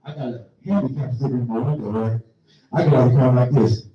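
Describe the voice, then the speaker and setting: A man's voice: mid-range voice, steady tone, fast talker, dull audio. A man from Milwaukee doing a stand-up comedy set, telling rambling, profane stories and acting out what people said to him. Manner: profane, rambling storytelling with acted-out quotes. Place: live comedy venue. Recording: roomy echo, voice from far off.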